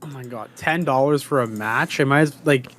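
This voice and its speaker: Man, podcast guest, casual chat, excitable, joking. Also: medium pitch, normal speed.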